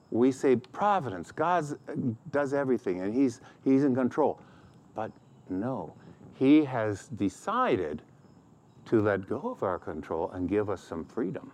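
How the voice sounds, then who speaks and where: A man's voice: medium pitch, a little mellow. A middle-aged man preaching a sermon as pastor, acting out quoted complaints in a raised voice.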